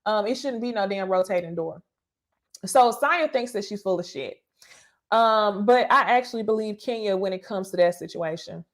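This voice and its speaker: A woman hosting a casual reality TV recap, talking to viewers in an animated, profane way with laughing asides. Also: mid-range voice, normal speed.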